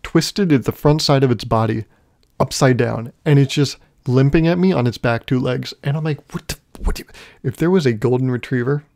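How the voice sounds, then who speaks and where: A young podcast host delivers a solo monologue of rambling, self-deprecating comic stories, laughing frequently. His mid-range voice has a creaky quality and a darkish tone, and he speaks at a normal speed.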